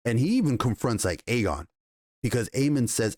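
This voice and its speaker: A man casually reviewing a TV episode, retelling scenes with excited, profane enthusiasm and quoted dialogue. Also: medium pitch, normal speed, no echo, studio quality. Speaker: TV show reviewer.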